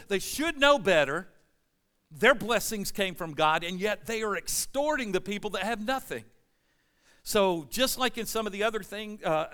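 A man preaching a sermon, reading scripture and explaining it, swinging from loud emphatic stretches to quiet asides. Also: sits high, big-room sound. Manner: animated preaching, rising loud at emphasis, dropping soft. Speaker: pastor.

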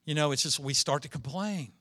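A middle-aged man preaching a sermon, animated, acting out quoted complainers and dropping to a low confiding voice for asides. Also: brisk. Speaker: pastor.

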